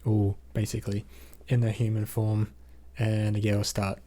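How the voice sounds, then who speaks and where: In an unhurried, completely flat delivery, an Australian man who reviews movies rambles casually through a film recap, using fillers like "basically" and "um." His voice is fairly low in pitch and mellow.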